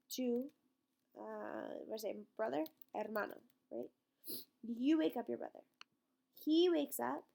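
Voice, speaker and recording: A woman teaches a Spanish grammar lesson. Her voice sits a little high, with a gravelly fry at the ends of her phrases. She walks through each example patiently, slowing down on the Spanish words. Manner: explains step by step, checks in with "right?" and "okay?"; slows down to spell out each Spanish word.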